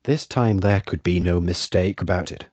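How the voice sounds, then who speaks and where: A synthetic male voice reads a classic story aloud in an even, measured manner. It sits on the low side and sounds dry and close, with no room echo. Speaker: audiobook narrator. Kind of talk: scripted narration.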